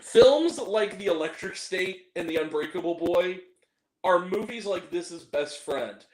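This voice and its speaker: A man hosting a casual movie review show, talking in an animated, joking way with mock-angry rants. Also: high voice, measured pace, roomy sound, low-quality recording.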